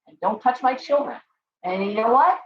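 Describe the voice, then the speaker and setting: A middle-aged woman hosts a live tarot stream with a blunt, scolding, profane delivery. Her voice sits a little high. The sound is roomy and somewhat muffled, with faint noise underneath. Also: animated, normal speed. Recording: echoey, dull live-stream audio.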